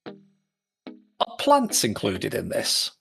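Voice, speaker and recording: Gravelly man playing a tabletop game. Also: on the low side, wildly swooping pitch, drawn-out words, a bit bright, faint music behind. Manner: playful, scheming, joking. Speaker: player. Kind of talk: casual tabletop game chat.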